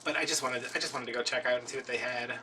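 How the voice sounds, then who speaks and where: A man's voice: medium pitch, fairly even intonation, very fast, pushed and bright. A man chatting casually as a craft video host, telling a rambling, self-deprecating story about his day. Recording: distant mic with faint noise.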